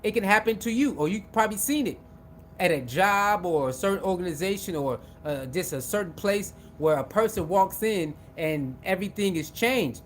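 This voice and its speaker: A man giving casual sports commentary, talking in an animated, repetitive way and acting out what other people say. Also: high-pitched, normal speed, a little hiss or hum. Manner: repetitive, animated, acts out quoted voices.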